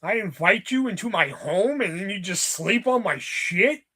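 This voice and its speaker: A man's voice: high voice, animated, normal speed, pushed and bright. A man hosting a live stream, chatting casually and ranting in mock anger with plenty of swearing. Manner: profane, rambling, mock-angry ranting. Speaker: livestream host.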